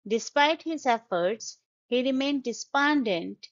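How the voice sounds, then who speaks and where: A woman's voice: high-pitched, animated, lo-fi sound. A woman teaching an English vocabulary lesson, carefully sounding out words syllable by syllable. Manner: slow, deliberate, stresses syllables.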